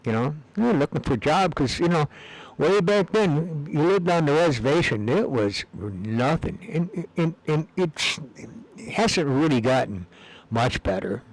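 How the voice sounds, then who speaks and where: A man's voice: on the high side, animated, a little slow, rough recording. A man talking in a rambling, casual monologue, meandering and repeating words with many fillers. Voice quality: gravelly. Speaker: video blogger.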